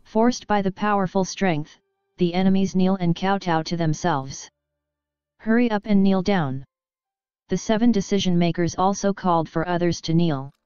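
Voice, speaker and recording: Woman audiobook narrator, steady and even; low, crisp, dry voice. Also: normal speed, dry recording. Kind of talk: audiobook narration of a web novel. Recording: dull lo-fi audio with faint music.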